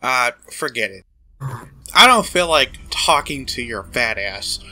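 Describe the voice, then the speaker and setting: A man's voice: mid-range voice, big pitch swings, unhurried, pushed and bright, exaggerated voice. A man voicing a rude, mouthy companion fighter in a comedic fan dub of a game, swearing and dismissive. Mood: contemptuous.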